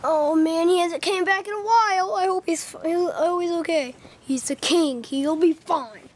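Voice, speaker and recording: A woman performing a homemade fan skit, voicing every role herself and jumping between high and low voices as the characters squabble. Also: normal speed, a little hiss or hum.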